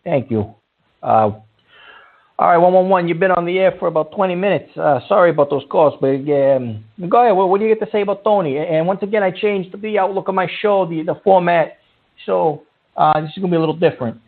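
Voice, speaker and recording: A man's voice: high-pitched, fast. A man hosting a comedic call-in radio show, blustery and exasperated. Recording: tinny phone-like sound.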